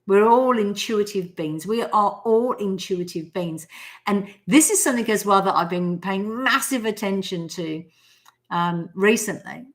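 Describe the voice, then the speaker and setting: A woman's voice: medium pitch, unhurried. Australian woman, 40s, live-stream host, chatty storyteller. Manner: chatty storyteller who acts out quotes. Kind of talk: casual live-stream talk on manifesting.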